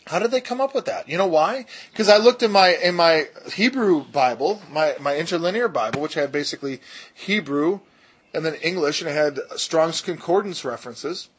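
A man teaching a casual Bible study, explaining in emphatic bursts and slowing down to stress key words, with jokey asides. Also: fairly high pitch, animated, breathy edge. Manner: jokey, self-deprecating asides.

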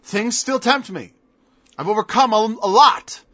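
A man's voice: high-pitched, measured pace, fairly bright tone, no room sound. A man preaching a sermon in an emphatic style, firing off mocking rhetorical questions. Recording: dull lo-fi dry recording.

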